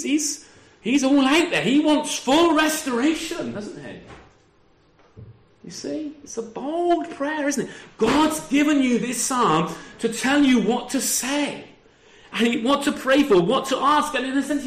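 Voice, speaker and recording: With an extremely high pitch and lively intonation, a pastor preaches at a moderate pace during a church service that echoes around the room. He keeps asking his congregation rhetorical tag questions and adds dry, self-deprecating jokes.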